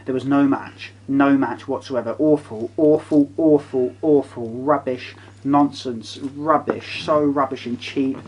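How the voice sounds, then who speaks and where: A man's voice: mid-range voice, fairly even intonation, a little slow, a little mellow, slight background noise. A man in a casual chat, ranting in an exasperated, profane way.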